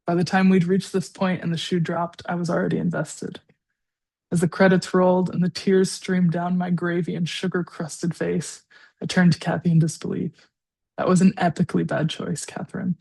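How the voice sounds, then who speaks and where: A woman's voice: fairly low pitch, level tone, moderate pace, vocal fry, darkish tone, breathy edge. A woman in her forties, a guest writer, reading her own personal essay aloud with a tender, darkly funny touch. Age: 40s.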